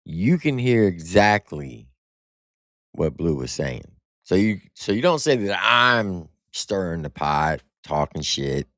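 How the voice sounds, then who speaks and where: A male show host talks in a relaxed, chatty manner while he sets up a phone call with a guest. His voice sits very low, and the sound is dry and close to the mic. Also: dry recording. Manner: laid-back, conversational. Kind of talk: casual talk show.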